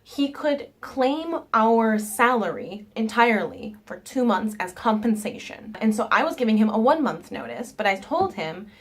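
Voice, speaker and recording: A woman's voice: a little high, moderate pace, hardly any pauses, slightly rough. A young woman with a nasal voice, telling a casual storytime and acting out the people in it. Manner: animated retelling with quoted voices. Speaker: vlogger.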